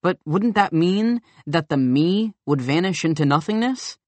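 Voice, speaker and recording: A man's voice: on the high side, expressive, unhurried, no room sound. A man voicing a skeptical young man who challenges a teacher with pointed questions and retorts in an audiobook dialogue.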